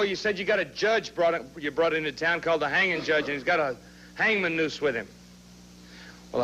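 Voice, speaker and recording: A man's voice: mid-range voice, a bit bright, a little hiss or hum. A man cutting a fired-up wrestling promo, challenging his rival in a drawling way. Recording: muffled old TV audio.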